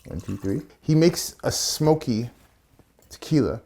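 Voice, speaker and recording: A man's voice: mid-range voice, expressive, a little slow, warm tone. A man hosting a casual cocktail tutorial, chatty and playful, with asides and slang as he builds a drink. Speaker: bartender and channel host.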